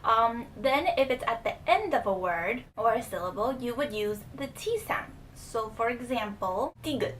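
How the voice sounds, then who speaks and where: Young woman teaching casually, kinda high voice, mic a bit far off, faint hiss in the room. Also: animated, normal speed, hardly any pauses, fairly bright tone. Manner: explains patiently, repeats example words, casual fillers. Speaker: language teacher. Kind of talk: casual spoken lesson.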